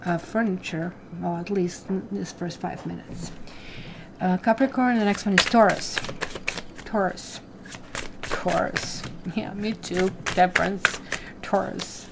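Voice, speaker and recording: A woman's voice: on the low side, darkish tone, slight background noise. A woman giving a casual tarot reading, talking straight to her viewers in a chatty way. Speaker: tarot reader.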